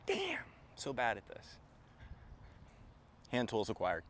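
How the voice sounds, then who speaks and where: Man, from Florida, casual live-stream chat, jokey, talks to his cat, very animated pitch. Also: takes it slowly. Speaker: gardening streamer.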